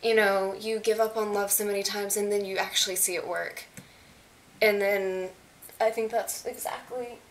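A young woman vlogging as an excited fan, gushing and chatty with lots of fillers. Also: mid-range voice, moderate pace. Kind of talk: casual chat. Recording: faint hiss.

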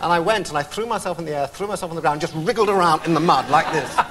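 A man who is a talk show guest, telling stories in an animated, self-mocking way and often laughing. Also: fairly high pitch, fast, crowd noise. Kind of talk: anecdotal storytelling on a talk show.

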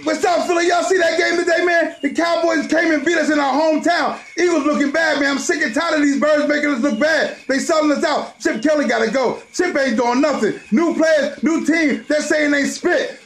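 A man shouting hyped fan chants and skits, loud and excitable. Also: very high voice, reverberant, a little hiss or hum. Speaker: sports fan personality.

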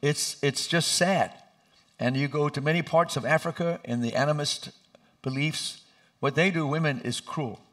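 Animated, bright-voiced preaching pastor. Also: male voice, a little high, normal speed. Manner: animated, laughing storyteller who acts out voices. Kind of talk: sermon with storytelling. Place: church sanctuary.

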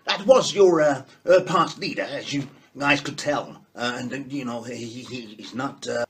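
A man's voice: medium pitch, moderate pace, lightly acted. A man doing a comic impression of a smug male politician who calls himself uncle and stammers as he talks.

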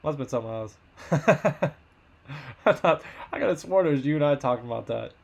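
A man hosting a live card box break, rattling off buyer names and teams in quick upbeat banter while losing his voice. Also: a little high, animated, vocal fry, muffled recording.

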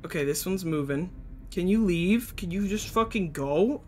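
A man's voice: high-pitched, moderate pace. A young man streaming live, giving jittery, panicky commentary as he plays and talks to his chat.

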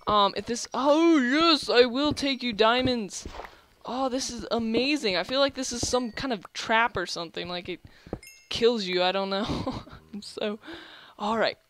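A young adult gaming host giving excitable, gushing let's-play commentary, often restarting sentences. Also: mid-range voice, measured pace, a little hiss or hum.

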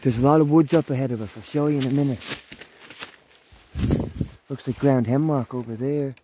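A man in his thirties vlogging while hiking through the woods, excitable and swearing freely, talking to his dog as he goes. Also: medium pitch, moderate pace, background noise. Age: 30s. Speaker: outdoors vlogger. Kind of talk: casual walking vlog. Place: outdoors in woods.

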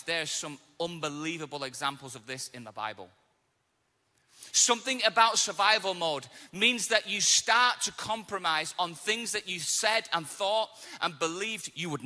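A man preaching a sermon as pastor, telling stories with casual asides and lively acted quotes. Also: a little high, in a large hall. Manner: animated storytelling, casual asides. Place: church auditorium.

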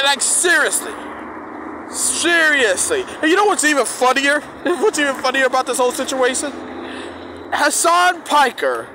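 A man's voice: extremely high pitch, background noise. A man delivering a heated, profane rant to his viewers, repeating himself and restarting his sentences often. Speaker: streamer ranting to his audience.

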